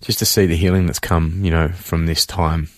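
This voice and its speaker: Male guest, deep voice, earnest and halting, dry studio mic. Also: flat delivery, no echo. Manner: earnest, halting, many fillers. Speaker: interview guest. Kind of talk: emotional faith testimony.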